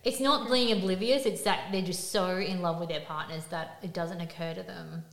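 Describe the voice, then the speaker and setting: A woman's voice: on the low side, steady tone, normal speed, gravelly, fairly bright tone. A young woman co-hosting a podcast, chatty, enthusiastic and agreeable. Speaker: podcast co-host. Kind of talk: casual chat. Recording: echoey room with faint noise.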